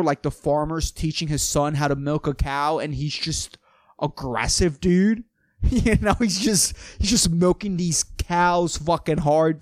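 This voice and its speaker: A man's voice: a little high, dry recording. A young man hosting a casual solo podcast, rambling, swearing and laughing at his own jokes. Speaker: podcast host.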